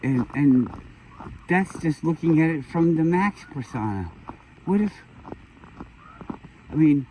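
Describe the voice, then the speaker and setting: A man talking to the camera in a meandering, philosophical monologue, with lots of swearing, restarts and low muttered asides. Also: darkish tone, a little hiss or hum, low-quality recording. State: emotional, has been crying. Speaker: vlogger. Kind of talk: rambling personal monologue.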